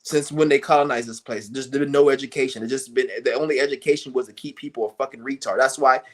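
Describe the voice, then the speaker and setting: A man streaming a furious, cursing rant who mocks the people he criticizes in shrill put-on voices. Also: fairly even intonation, fast. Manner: angry, cursing, mocking; breaks into high mocking impressions of others. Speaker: livestream host. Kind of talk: profane rant to camera.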